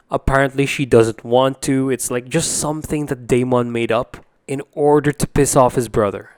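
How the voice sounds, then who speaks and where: A young man talks through a review in a casual, rambling way, full of fillers and blunt opinions. His voice is smooth and clear at a middle pitch. It is recorded close and dry, with no room sound. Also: darkish tone, no room sound.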